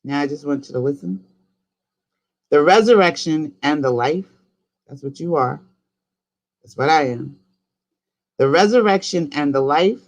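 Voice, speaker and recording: A man from New York with a New York accent, a spiritual coach leading listeners through slow, rhythmic chanted decrees for them to repeat. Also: fairly high pitch, lively intonation.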